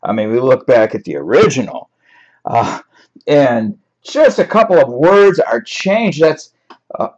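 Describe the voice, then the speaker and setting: A man's voice: medium pitch, lively intonation, measured pace, a little mellow. A man teaching a writing class in a chatty, wry way, laughing now and then at his examples. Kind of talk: classroom lecture on paraphrasing. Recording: dull lo-fi recording.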